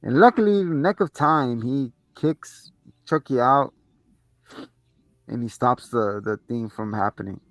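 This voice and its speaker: Man, podcast host, casual movie review, slangy and animated, mid-range voice, dry close sound. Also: mid-range voice, measured pace, no room sound, faint music behind. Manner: slangy, animated plot retelling.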